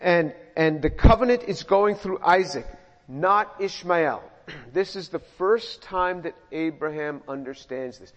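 A fairly high-voiced middle-aged man preaching verse by verse, talking like he's chatting with the congregation and repeating himself as he thinks. The sound is muffled and carries a long hall reverb. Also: unhurried. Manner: conversational, repeats words, animated asides. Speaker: pastor. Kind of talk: verse-by-verse sermon.

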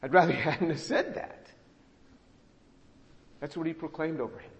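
A male pastor giving a sermon, expressive and acting out the scripture he reads. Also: a little high, normal speed. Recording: long hall reverb.

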